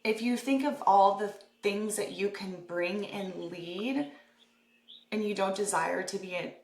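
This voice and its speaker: A woman's voice: mid-range voice, a little slow, gravelly, a little mellow, echoey room. A young adult woman hosting a casual podcast conversation, talking candidly and chattily with the odd swear word. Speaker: podcast host.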